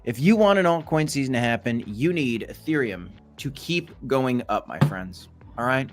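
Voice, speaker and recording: A man's voice: mid-range voice, lively intonation, moderate pace, few pauses, faint music behind. Chatty man hosting a crypto live stream. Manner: chatty, playful asides, hype. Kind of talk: casual live market commentary.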